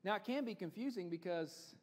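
A man's voice: sits high, animated, brisk. A male pastor preaching a sermon in a church, earnest and building to emphatic repetition. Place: church sanctuary. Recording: church hall with long reverb.

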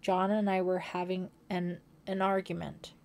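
A woman's voice: lowish voice, level tone, measured pace, a little mellow. A woman voicing a tearful fifteen-year-old girl camper in an audiobook, emotional and pleading.

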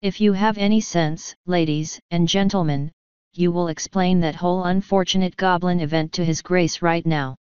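A woman reading the part of a retired older male colonel, speaking in a measured, wry and quietly scornful way. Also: fairly low pitch, fairly even intonation, smooth, no room sound, lightly acted. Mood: dry wry. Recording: dull lo-fi sound.

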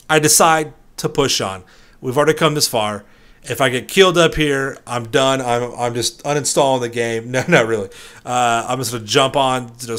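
A man's voice: medium pitch, a bit bright. A young man giving playful gameplay commentary, hamming up a mock-dramatic story with streetwise slang. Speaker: gaming YouTuber.

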